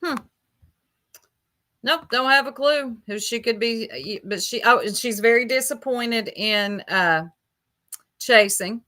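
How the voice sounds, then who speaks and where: A woman's voice: a little high, unhurried, bright, forceful tone. A woman giving casual livestream commentary while reading chat aloud, blunt and gossipy, with casual swearing.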